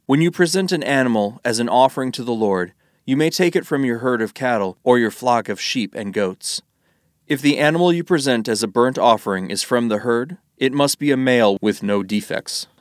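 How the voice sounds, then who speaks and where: A man giving a steady, solemn reading of a scripture passage. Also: mid-range voice, moderate pace, dry recording, clean studio sound. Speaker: Bible reader.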